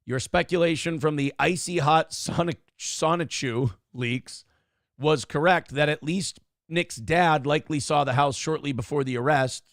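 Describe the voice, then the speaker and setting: Speaking a little slowly in a voice on the high side, a morning-show host tells a rambling, profane story, voicing the people he quotes. The recording is dry and studio quality.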